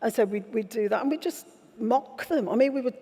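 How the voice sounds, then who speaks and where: Onstage at a festival event, a woman author shares frank, wryly humorous stories. Her voice is on the high side, mellow and husky, and she talks fairly quickly, with the festival hall adding reverb.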